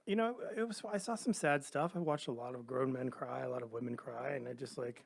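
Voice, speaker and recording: A middle-aged man on a podcast, casually telling an animated story and acting out the other people's lines. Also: mid-range voice, fairly quick, creaky, husky. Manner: animated anecdotes, acts out quoted voices. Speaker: podcast guest.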